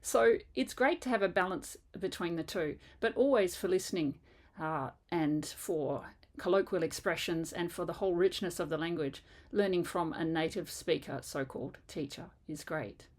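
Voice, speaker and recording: A woman's voice: fairly low pitch, moderate pace. Patient older woman teaching French sounds. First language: English. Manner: patient, explanatory, spells words out letter by letter. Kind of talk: pronunciation lesson video.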